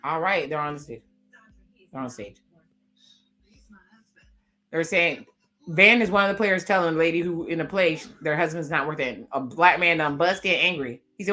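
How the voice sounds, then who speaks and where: A woman with a somewhat low voice talks through a TV episode in a casual, chatty recap. She is expressive and reads the characters' lines aloud as she goes. Faint music sits behind her. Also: normal speed, pauses often. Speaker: reaction video host.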